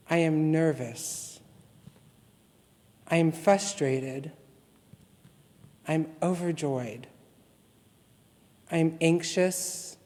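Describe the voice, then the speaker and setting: Slow, measured man in a reverberant sanctuary. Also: a little high, a little mellow. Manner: slow, measured, solemn delivery. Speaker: guest minister. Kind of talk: reading a litany and poem in worship. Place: church sanctuary. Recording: long reverb from a large hall.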